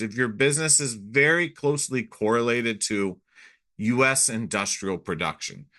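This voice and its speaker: Bright-voiced male economist giving a briefing. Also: mid-range voice. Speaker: economist and speaker. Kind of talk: scripted business briefing to camera.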